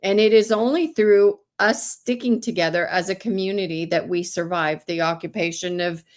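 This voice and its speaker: A woman's voice: fairly low pitch, normal speed. A woman raised in California with Greek heritage, a farmer telling stories as a guest in a casual interview, acting out the people she quotes. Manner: animated storyteller, acts out quoted voices.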